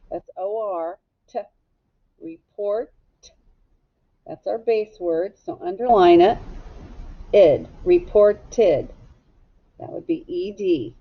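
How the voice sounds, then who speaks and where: A woman teacher leads a phonics lesson at a slow, deliberate pace, sounding out syllables one by one with patient care. The recording is slightly dull and muffled. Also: fairly low pitch. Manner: slow, patient, drawn-out instruction.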